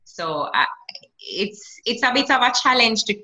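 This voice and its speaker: A woman's voice: fairly high pitch, very animated, unhurried, pushed and bright, rough recording. A Jamaican woman in her thirties, a guest in a conversational interview, reflective and prone to restarts.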